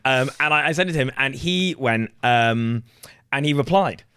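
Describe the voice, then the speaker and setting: A man's voice: medium pitch, normal speed, pushed and bright, smooth, no echo. A man in his twenties, co-hosting a podcast, telling rambling, self-mocking stories in a casual chat. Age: 20s. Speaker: podcast co-host.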